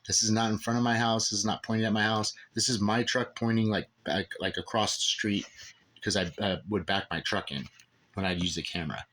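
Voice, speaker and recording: Casual monologue from a man with a fairly low voice, telling a story in a rambling, emphatic way. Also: fairly even intonation, a little fast, a bit bright, a little hiss or hum. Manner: rambling and emphatic, repeating "okay?" and "dude". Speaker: father telling a personal story.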